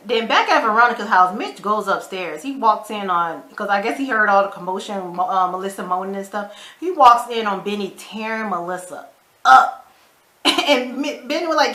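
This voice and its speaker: A woman, casually recapping a TV episode in an animated way, acting out the characters' lines and adding her own side comments. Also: medium pitch, a little fast, reverberant. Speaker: show recap vlogger.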